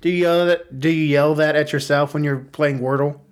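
American man, podcast co-host, higher voice, wry, teasing, casual. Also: fairly even intonation, a little fast. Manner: wry, teasing, explains things.

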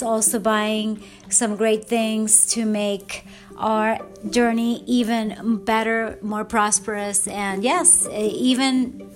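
Effusive woman podcaster, slightly high voice. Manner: effusive and emotional, many wows and restarts. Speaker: podcast host. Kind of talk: casual solo podcast talk.

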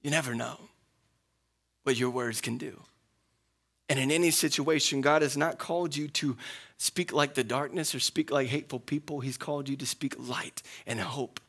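A man's voice: medium pitch, fairly even intonation, normal speed, fairly bright tone. A middle-aged man, a pastor, preaching a sermon and telling a personal story with rising emphatic peaks.

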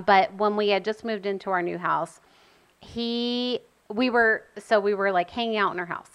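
Chatty young mother telling a story. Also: mid-range voice. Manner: animated, acts out quotes, says "like" often. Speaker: mother of an autistic son. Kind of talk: casual storytelling chat.

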